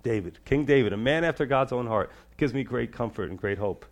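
A man preaching a sermon as a pastor. His delivery swings between raised, emphatic lines and soft, low-pitched asides. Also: animated, brisk.

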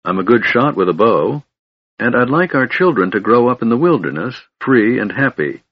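A man's voice: mid-range voice, sing-song, normal speed, breathy edge, no room sound, dull audio. A man voicing a young male elf who speaks tenderly and soothingly in an audiobook.

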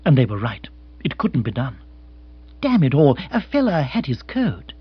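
Husky male audiobook narrator. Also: mid-range voice, wildly swooping pitch, normal speed, no echo, muffled recording. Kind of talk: audiobook reading.

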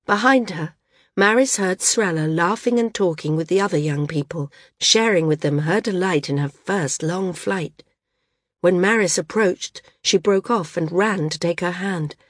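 A woman with a slightly low voice narrates a novel as a scripted audiobook, reading in a measured way. The recording is close and dry.

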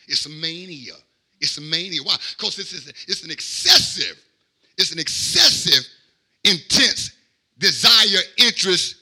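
A man preaching a sermon as pastor. He repeats phrases and swings from quiet asides to shouted, drawn-out lines. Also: on the high side, breathy edge. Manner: call-and-response, repeats phrases.

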